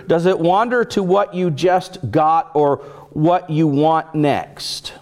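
A man's voice: high-pitched, a little mellow. A male pastor delivering a sermon, telling stories and putting on voices for the characters in them. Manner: storytelling with acted voices and dramatic pauses.

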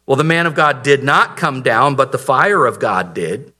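A man's voice: medium pitch, sing-song, normal speed, pushed and bright. A man preaching a sermon, telling the story dramatically and asking the audience rhetorical questions. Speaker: pastor.

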